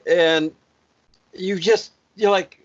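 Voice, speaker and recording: A man co-hosting a casual podcast chat, telling stories in an animated way with laughs. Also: high voice, drawn-out words. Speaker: podcast co-host. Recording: dull lo-fi sound.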